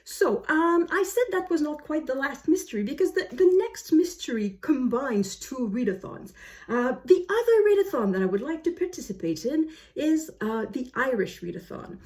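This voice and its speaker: A woman's voice: on the high side, a little mellow. A woman vlogger chatting casually about books she plans to read, full of fillers and self-corrections. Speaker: book vlogger. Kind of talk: casual book chat to camera. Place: home, snowy day outside.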